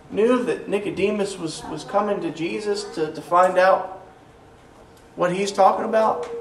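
A man preaching a sermon in a church. He talks earnestly, slows down to stress key phrases, and repeats words as he restarts. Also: high-pitched. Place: church sanctuary. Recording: roomy echo, mic at a distance, faint room noise.

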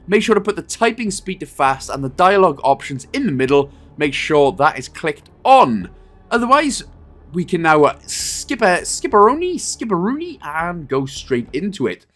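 A man's voice: on the high side, very animated, moderate pace. A man hosting a game walkthrough, talking playfully and joking with made-up wordplay. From Wales. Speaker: gaming guide host.

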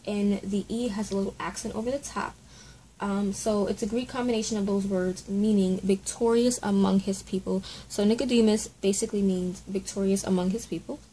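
A woman's voice: medium pitch, mellow, a little hiss or hum, rough recording. A woman hosting a casual Bible study at home, chatty and apologetic, spelling out words letter by letter.

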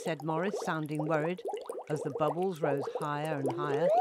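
A woman narrating a bedtime story for children in a playful, expressive way, with a noisy hiss behind her. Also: low voice, normal speed.

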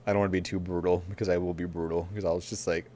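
Low-voiced man telling a rambling story. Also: level tone, racing, a little mellow, a little hiss or hum. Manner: rambling storyteller, laughs often, many fillers. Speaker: podcast co-host. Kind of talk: casual chat.

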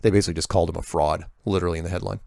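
A man with a low, gravelly voice talks off the cuff, reading viewer emails and commenting on them. He rambles, restarts his sentences and drops sarcastic asides. The sound is dry and close, with no room echo. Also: steady tone, racing, darkish tone. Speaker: host answering viewer emails. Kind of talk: casual monologue reading emails.

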